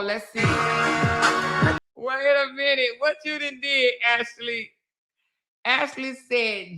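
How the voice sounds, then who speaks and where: A sassy woman hosts a live stream. Her voice is bright and forward, and she teases, laughs and riffs in casual commentary. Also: sits high, lively intonation, slow, soft background music. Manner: sassy, teasing, laughs often.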